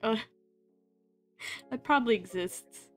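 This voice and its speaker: A young woman chatting casually on her live stream, her voice sitting a little high. She rambles, trails off into fillers and laughs easily. Faint music plays softly in the background. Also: slow pace. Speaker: streamer and host.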